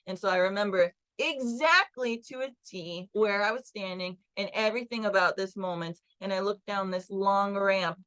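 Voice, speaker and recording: A woman's voice: mid-range voice, bright, forceful tone, rough recording. A woman, a construction project manager, candidly recounting a workplace incident as an interview guest. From Los Angeles. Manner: earnest, recounts events with quoted dialogue.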